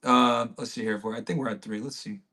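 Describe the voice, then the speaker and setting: A man's voice: mid-range voice, fairly even intonation, fairly quick, pushed and bright. A man hosting a livestream, talking to his chat in a brash, crude way with lots of swearing. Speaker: livestream host.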